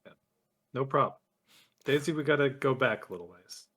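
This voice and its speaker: A man's voice: mid-range voice, lively intonation, moderate pace, fairly bright tone. A man playing a tabletop game, asking questions hesitantly with fillers and restarts. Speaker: player.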